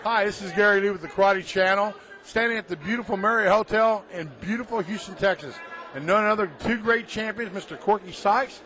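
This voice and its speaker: A man with a high, brisk, pushed and bright voice hosts interviews at a martial arts tournament. His event interviews and commentary overflow with enthusiastic praise.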